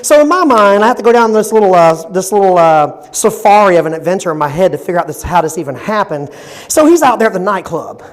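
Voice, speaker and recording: A man's voice: sits high, animated. A man doing a stand-up comedy set, rambling through a story and repeatedly checking in with the crowd. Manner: rambling, fast storytelling with constant "you know what I'm saying".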